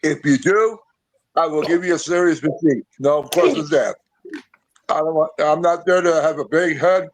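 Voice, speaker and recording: A pro wrestler being interviewed, talking straight and plain, calling people brother. His voice sits a little high for a man, in relaxed podcast chat. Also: moderate pace, a little hiss or hum, poor audio. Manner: blunt, calls people brother.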